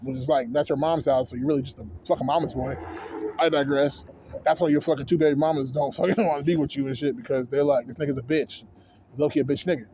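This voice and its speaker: A man's voice: mid-range voice, steady tone, quick pace, noisy background. A man in his thirties venting in a rambling, profane, heated rant to camera as a vlogger. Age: 30s.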